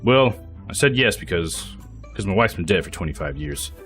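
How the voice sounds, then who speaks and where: A man's voice: sits low, lively intonation, moderate pace, fairly bright tone, soft background music. A man voicing an older widowed rural farmer who is defensive, rambling and self-pitying. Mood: weary.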